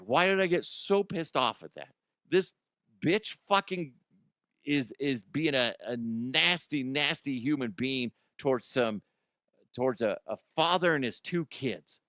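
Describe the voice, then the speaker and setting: A middle-aged man hosts a talk radio show, rambling through stories with plenty of swearing and self-mockery. His voice sits at an average pitch and sounds dry and close, with no room around it. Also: pushed and bright, no room sound. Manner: profane, self-deprecating, rambling. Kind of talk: casual comedic talk radio monologue.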